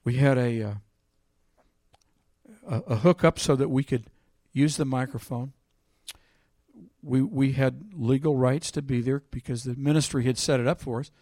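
In clean studio sound with no room echo, a man preaches a sermon in a medium-pitched voice at normal speed. He reads scripture aloud with loud emphasis, then tells a personal story more quietly.

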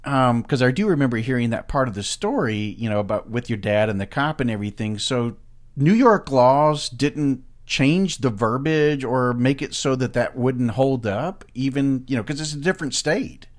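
A man's voice: mid-range voice, animated, moderate pace. A man host interviewing a guest, reacting and asking follow-up questions. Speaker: podcast host.

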